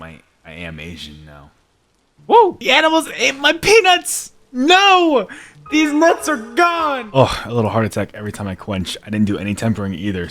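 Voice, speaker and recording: Young man with lively, bouncing gameplay chatter. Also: mid-range voice. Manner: chatty, talks to himself, bursts into loud excited shouts; drops to near-whispered mutters while working. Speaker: gaming YouTuber. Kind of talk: casual gameplay commentary.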